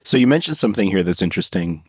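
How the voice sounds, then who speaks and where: A man's voice: deep voice, lively intonation, racing, breathy edge, no room sound, studio quality. A man hosting a podcast, asking long, thoughtful questions that circle before he lands on them. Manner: thoughtful, rambling questions with restarts. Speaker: podcast host. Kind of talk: interview questions.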